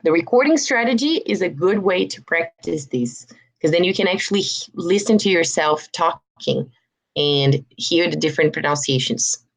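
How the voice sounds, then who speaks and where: A woman's voice: on the low side, animated, normal speed. A young adult woman from Brazil with a Brazilian Portuguese accent, giving an online English pronunciation lesson and patiently repeating words for practice. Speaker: English teacher.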